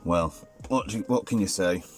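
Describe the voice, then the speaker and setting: A man's voice: low voice, normal speed, faint music behind. A man casually reviewing toys hands-on, chatty and rambling, often correcting himself mid-sentence. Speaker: toy reviewer.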